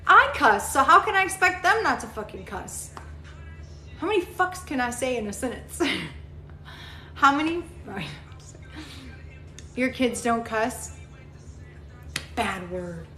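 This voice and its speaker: A woman's voice: sits high, sing-song, slow pace, pauses often, sharp tone, faint music behind. A woman hosting a casual livestream, chatting bluntly and profanely with viewers and rambling with lots of fillers. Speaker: livestream host. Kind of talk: casual live chat, answering viewer comments. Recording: echoey room, faint background noise.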